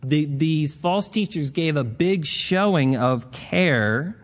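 A man's voice: fairly high pitch, animated, slow. A man preaching a Bible teaching in a casual, conversational way, retelling scripture stories in plain modern words.

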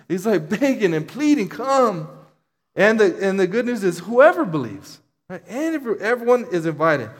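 A male pastor preaching a sermon, animated, with frequent restarts and conversational asides. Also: on the high side, big-room sound.

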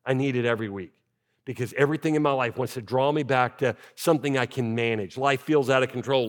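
A man, a pastor, preaching a sermon and reading scripture aloud, shifting from quiet, measured passages to rising, urgent emphasis. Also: mid-range voice.

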